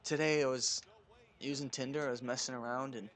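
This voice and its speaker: A man's voice: medium pitch, steady tone, fairly quick, fairly bright tone. A young man telling crude, profane stories in a casual rant while playing a video game. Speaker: gaming channel host. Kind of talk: casual storytelling over gameplay.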